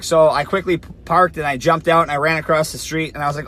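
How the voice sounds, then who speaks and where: A man's voice: fairly high pitch, fairly even intonation, quick pace, few pauses, pushed and bright, a little hiss or hum. A young man telling a story to camera in a casual, blunt way, swearing a lot and saying "like" often. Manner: blunt, heavy swearing, lots of "like". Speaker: fitness influencer.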